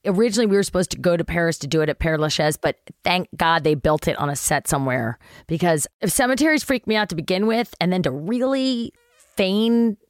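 A woman's voice: fairly low pitch, a little fast, dry recording, studio quality. A middle-aged woman, an actress guest on a podcast, telling a casual anecdote and acting out the voices of the people in it, with some swearing. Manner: animated storyteller acting out quotes, swears casually.

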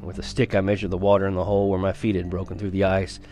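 A man with a slightly low voice reads a first-person story aloud, earnest and unpolished, now and then tripping over a word and starting it again. Soft music plays faintly behind his reading. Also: little pitch movement, quick pace. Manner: earnest storytelling with small restarts and stumbles. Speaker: reader of a novel.

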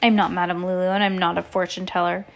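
A woman's voice: on the low side, little pitch movement, fast talker, creaky. A woman reading aloud, voicing a bad-tempered fake fortune teller who demands answers and tacks "please" onto everything. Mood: sad. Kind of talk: amateur audiobook reading.

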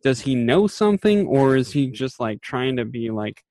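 A man's voice: mid-range voice, very animated, moderate pace, darkish tone, no echo. Man, casual podcast co-host, rambling recap, fillers, dry close sound. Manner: rambling, many fillers, acts out quoted lines. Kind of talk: casual chat recapping a TV episode.

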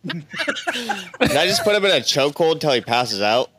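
A man's voice: a little high, very animated, moderate pace, background noise. A man playing a tabletop game, blunt and crude, laughing a lot. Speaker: player. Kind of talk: casual tabletop game play.

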